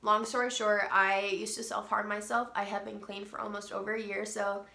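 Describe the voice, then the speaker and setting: A woman's voice: medium pitch, level tone, fairly quick, vocal fry, sharp tone. A young woman with a stuffy nose from a cold, casually telling personal stories in a rambling way with many ums. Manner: rambling, lots of ums and restarts. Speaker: vlogger. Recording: roomy echo, faint music.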